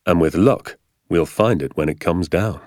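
A man reading aloud, voicing a kind, patient father who speaks with calm reassurance in a storybook. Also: sits low, normal speed, no echo, clean studio sound, natural voice.

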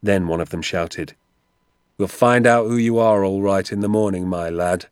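A man voicing an injured father who speaks in a firm, reassuring, low-key way. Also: fairly even intonation, normal speed, clear, resonant tone, dry recording, studio quality, close to an everyday voice. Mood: calm, steady. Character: injured father, calm and steady despite pain.

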